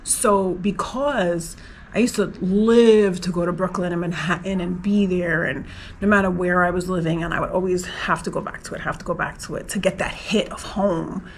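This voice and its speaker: A woman's voice: lowish voice, steady tone, moderate pace, slight background noise, poor audio. Chatty New woman vlogger. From New York, USA. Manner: emotional, rambling, lots of "like" fillers. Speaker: travel vlogger. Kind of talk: casual personal vlog.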